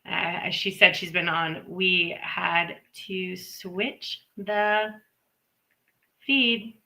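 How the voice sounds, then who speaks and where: A woman with a fairly low, creaky voice hosts a live intuitive reading stream on a low-quality live-stream microphone. She speaks very slowly in a steady, sharp tone, rambling chattily and tossing in playful asides.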